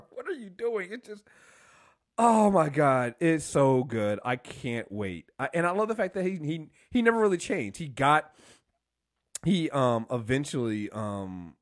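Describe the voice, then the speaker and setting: A man co-hosting a casual TV review podcast, animated, acting out scenes and laughing often. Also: medium pitch, unhurried. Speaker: podcast co-host.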